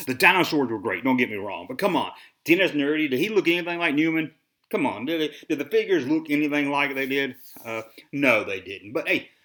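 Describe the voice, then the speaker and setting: On his solo podcast about toy collecting, a man from the Southern US with a Southern accent speaks in a medium-pitched voice that sounds pushed and bright. He rants and rambles, sighing often, and his mouth seems dry.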